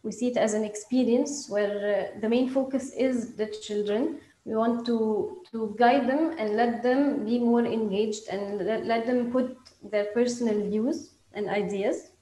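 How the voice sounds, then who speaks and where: Woman doing a startup pitch, lots of uhs and restarts, kinda high voice, echoey room. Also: fairly even intonation, unhurried, hardly any pauses, warm tone. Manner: hesitant, many fillers and restarts. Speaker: startup presenter. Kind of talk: pitch presentation.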